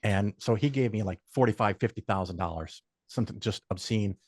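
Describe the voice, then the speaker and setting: A man's voice: lowish voice, fairly quick, darkish tone, breathy edge, no echo, studio quality. Blunt, profane older man. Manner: opinionated, lays out firm rules. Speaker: podcast guest. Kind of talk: casual storytelling in conversation.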